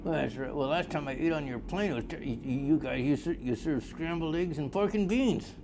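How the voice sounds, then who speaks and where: A man's voice: on the high side, brisk, noisy background. An older man in a rambling, blustery comedic monologue, easily sidetracked and arguing with imagined callers. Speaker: comedy character newscaster.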